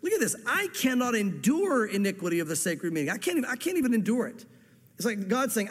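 Fervent male pastor, high-pitched preaching voice, recorded with a lingering echo in a hall. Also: very animated, quick pace, a bit bright. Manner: fervent preacher, repeats words and quotes scripture with emphasis. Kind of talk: sermon. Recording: echoey hall reverb.

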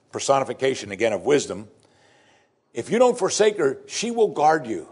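A man delivers a sermon as a congregation's pastor. His voice is husky and mid-pitched, and he hammers home key phrases by repeating them with rising emphasis. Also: wildly swooping pitch, normal speed, a little mellow.

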